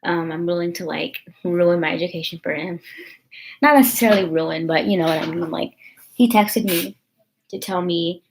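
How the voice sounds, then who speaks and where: Young woman venting on her vlog, kinda low voice, lots of fry, rambly and emotional. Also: normal speed, a little hiss or hum. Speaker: vlogger. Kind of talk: casual confessional vlog chat.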